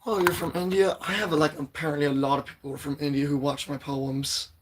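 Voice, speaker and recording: A teenage boy with a hoarse, strained voice, chatting loosely with viewers on his livestream and clearing his throat often. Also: a little high, flat delivery, a little fast, slight background noise. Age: teens. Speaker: livestream poetry host. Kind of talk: casual livestream chat.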